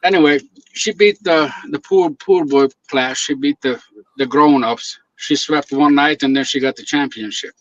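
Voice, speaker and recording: In casual chat, a guest videographer with a medium-pitched voice talks at a normal speed. He's animated, acting out the people in his stories and laughing often. The recording is dry, dull and lo-fi.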